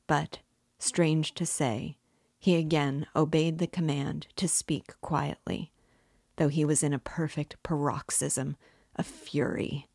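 Woman narrator, low voice, slow pace, measured reading, dry close recording. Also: a little mellow, dry recording. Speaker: book club host reading aloud. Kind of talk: audiobook narration.

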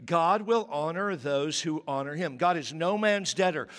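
A man in his fifties preaching a sermon, telling a childhood story with candid, animated quotes. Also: a little high, moderate pace. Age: 50s. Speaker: pastor. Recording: long reverb of a large hall.

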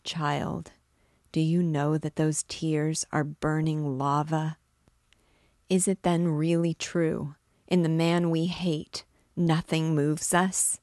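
A woman's voice: sits low, a little mellow, dry recording, clean studio sound. A woman reading aloud, voicing an anguished male priest who pleads with desperate passion. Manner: pleading, impassioned, breaking into whispers.

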